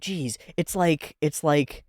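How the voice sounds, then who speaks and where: A man hosting a casual anime reaction, thinking aloud with fillers, laughing often and breaking into loud, high-pitched exclamations. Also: slow, no room sound, studio quality.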